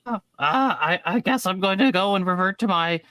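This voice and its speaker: A man playing a tabletop game, hesitant and deadpan. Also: sits high, normal speed, no room sound. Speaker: player. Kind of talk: casual game chat.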